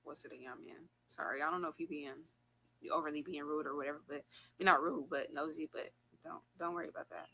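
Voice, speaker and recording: A woman talking casually in a livestream, rambling and animated as she vents. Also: low voice, fast talker, slightly rough, low-quality recording. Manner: rambling, animated, trailing off and restarting.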